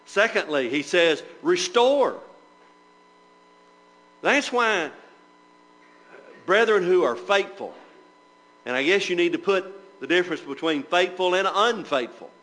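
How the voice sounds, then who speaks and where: A man's voice: sits high, lively intonation, unhurried, pauses often, bright, forceful tone, poor audio. A man preaching a Bible class sermon, asking the listeners rhetorical questions and reading scripture aloud in old-fashioned wording. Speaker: preacher teaching church members.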